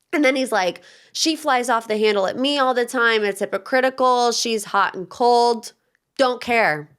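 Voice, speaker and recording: A woman's voice: fairly high pitch, a bit bright, clean tone. A young adult woman hosting a pop culture podcast, giving casual, opinionated commentary in a chatty, sassy way and acting out quotes. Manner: chatty, sassy, acts out quotes in shifted voices.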